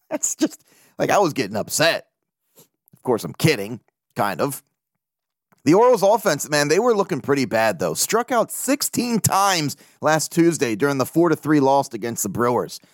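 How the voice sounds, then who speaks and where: A man talks through a casual solo sports podcast in an animated, rambling way, swearing freely and laughing at himself. His pitch swings widely as he gets worked up. The sound is dry and close to the mic. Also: moderate pace, dry recording. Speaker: podcast host.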